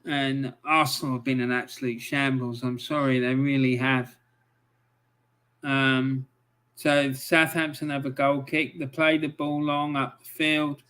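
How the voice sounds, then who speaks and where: Angry sweary football streamer. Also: male voice, medium pitch, a little slow. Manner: frustrated, swears often, angry outbursts between calm play-by-play. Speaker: live match commentator. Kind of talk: live-stream match commentary.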